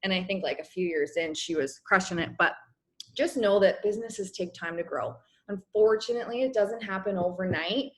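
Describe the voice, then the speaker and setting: A young woman coaching her business team on a casual video call, chatty and encouraging, clearing her throat as her voice wears out. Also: mid-range voice, normal speed. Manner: chatty, encouraging, many fillers. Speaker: network marketing coach.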